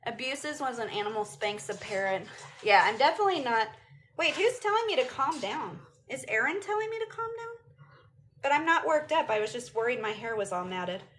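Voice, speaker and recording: A woman's voice: a little high, animated, brisk, fairly bright tone. A woman chatting casually on a phone livestream and answering viewers' comments aloud. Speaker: vlogger answering live chat. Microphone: phone camera.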